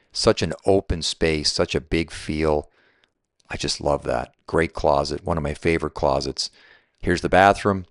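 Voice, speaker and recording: A man's voice: deep voice, creaky, no room sound, studio quality. A real estate agent walking through a house and out to the pool, chatting enthusiastically about every feature and laughing at his own fumbles. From Southwest Florida resident. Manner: enthusiastic, chatty, self-deprecating, keeps saying right. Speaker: real estate agent giving a home tour. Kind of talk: walking home tour vlog.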